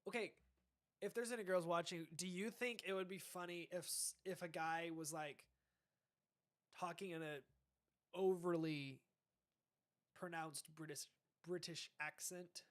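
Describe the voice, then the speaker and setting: A young man with a fairly high voice chats casually on a podcast. He rambles, restarts sentences and lets his thoughts trail off as he reacts to dating advice. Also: fairly even intonation, unhurried, pauses often, a bit bright. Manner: rambling, trailing off, self-correcting. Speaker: podcast host.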